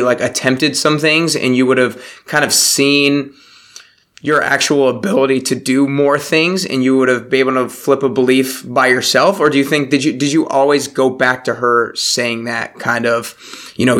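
Upbeat young podcast host, mid-pitched. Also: male voice, fairly bright tone. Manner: upbeat, enthusiastic. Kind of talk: casual interview.

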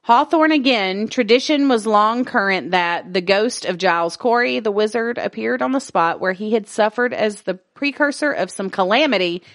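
A woman's voice: mid-range voice, normal speed, hardly any pauses, a bit bright, dry recording, studio quality. A woman co-hosting a casual podcast, reading an article aloud, stumbling over words, laughing and swearing casually along the way.

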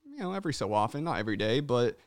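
A man co-hosting a casual podcast, animated and swearing freely, acting out people's voices when he tells stories. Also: mid-range voice, rapid-fire, no echo, studio quality. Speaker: podcast co-host.

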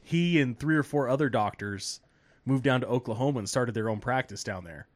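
A man on a casual podcast telling a long story, animated and swearing, laughing as he acts out the people in it. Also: medium pitch, fairly quick. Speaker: podcast host.

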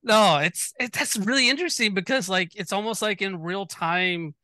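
A man's voice: sits high, normal speed, pushed and bright, dry recording. A man hosting a podcast, responding with supportive, thoughtful commentary in a casual interview. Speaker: podcast host.

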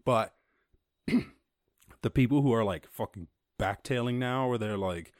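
A male podcast host riffs on the news in a loose, profane, animated way, often laughing at his own points. His voice sits at a middle pitch. It is recorded close up in a dry room with no echo. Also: a little slow. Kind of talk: casual commentary podcast.

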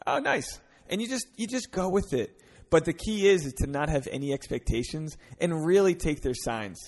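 A man's voice: fairly high pitch, moderate pace. A man in his thirties from Rhode Island, a stand-up comedian hosting a solo podcast, talking casually and profanely and acting out pickup lines. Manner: profane, animated, acts out bar pickup lines.

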